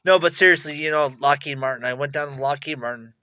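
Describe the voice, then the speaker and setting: A young man rambling boastfully in a monologue to camera, excitable and repeating himself. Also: a little high, quick pace, smooth. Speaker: vlogger.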